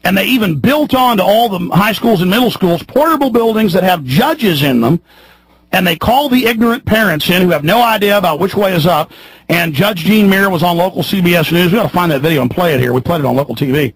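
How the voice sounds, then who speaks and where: Gravelly man ranting on talk radio. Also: expressive, a little fast, dry recording, low-quality recording. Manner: fiery, ranting, swings from loud shouts to low mutters. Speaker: radio talk show host. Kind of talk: heated radio monologue. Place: radio studio.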